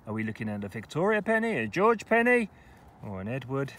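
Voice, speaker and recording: A man talking casually to camera while metal detecting outdoors, chatty and excitable about his finds. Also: mid-range voice, brisk. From England. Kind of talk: casual vlog commentary. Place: outdoors in a wet field.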